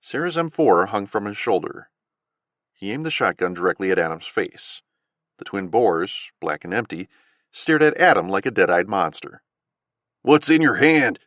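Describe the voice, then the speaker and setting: A man narrating an audiobook thriller with an expressive, dramatic reading. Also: low-pitched, normal speed, no room sound. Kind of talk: scripted narration.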